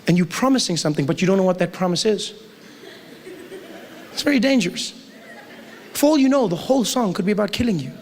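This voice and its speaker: A man doing stand-up comedy in a conversational, animated way. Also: sits high, fast, pauses often. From South Africa. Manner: conversational, animated, acts out voices. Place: large live venue with audience. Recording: live hall with crowd noise.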